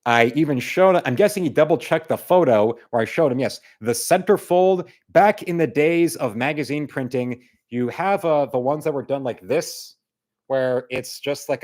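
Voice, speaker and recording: A man's voice: a little high, moderate pace, darkish tone. Rambling man chatting on a live stream. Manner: rambling, with many fillers and restarts. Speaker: artist hosting a live stream. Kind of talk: casual live-stream chat reading viewer comments.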